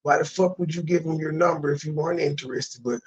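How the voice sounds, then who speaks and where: A man's voice: on the high side, steady tone, quick pace, husky, muffled recording. A man hosting a reaction commentary, ranting with profane disbelief. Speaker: commentary channel host.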